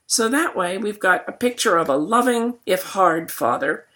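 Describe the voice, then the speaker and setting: A woman teacher giving a recorded poetry lecture, losing her voice and clearing her throat, reading verse slowly and deliberately. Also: mid-range voice, expressive, a bit bright.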